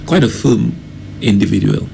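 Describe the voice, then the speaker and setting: A man co-hosting a morning radio talk show, speaking in a measured way and stressing discipline and focus. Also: fairly low pitch, animated, vocal fry, warm tone, slight background noise. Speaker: radio co-host.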